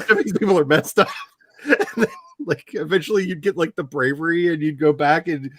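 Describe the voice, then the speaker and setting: A man in his forties hosting a casual chat, telling animated stories, laughing often and acting out quotes. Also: a little high, quick pace, dry recording. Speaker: host.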